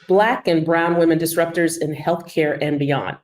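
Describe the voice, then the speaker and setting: A woman's voice: deep voice, fairly even intonation, moderate pace, poor audio. A woman doctor from Texas with a Texan accent, co-hosting a health commentary show in a sarcastic, emphatic way. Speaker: co-host, doctor.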